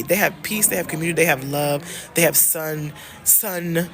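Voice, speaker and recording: A woman from the United States chatting casually in a travel vlog, animated and emphatic, repeating phrases and talking straight to her viewers. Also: low-pitched, fairly quick, few pauses. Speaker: travel vlogger and love coach.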